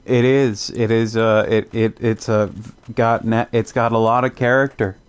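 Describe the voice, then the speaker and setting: A man's voice: medium pitch, level tone, measured pace, smooth. A young man from Canada chatting casually while streaming a game, laid-back and rambling, often restarting his sentences and chuckling. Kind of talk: casual gaming commentary.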